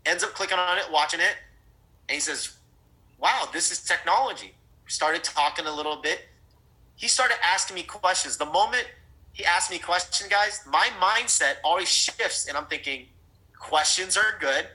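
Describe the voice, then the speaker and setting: A middle-aged man telling a story in a sales training talk. He is animated, often restarts and repeats words, and speaks straight to his audience. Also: sits high, normal speed, poor audio. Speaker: network marketing trainer.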